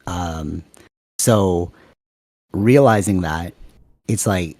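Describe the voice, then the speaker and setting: A man with a lowish voice talks in a quick, animated, rambling way as a podcast co-host. He is on a video call. The sound is dry and close. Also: dry recording. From Canada. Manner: fast-talking, rambling, animated. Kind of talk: casual chat.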